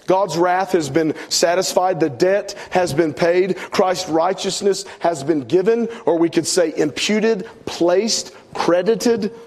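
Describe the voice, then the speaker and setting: A man's voice: high voice, slow pace, hardly any pauses. Man preaching a sermon. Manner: preaching with swelling emphasis and soft drops. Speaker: pastor.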